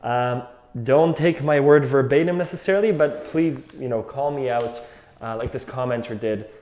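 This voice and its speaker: A man's voice: mid-range voice, normal speed, a little mellow. Reflective male accordion teacher, roomy sound. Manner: thinks aloud, loose and reflective. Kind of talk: casual music lesson. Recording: roomy echo, faint accordion.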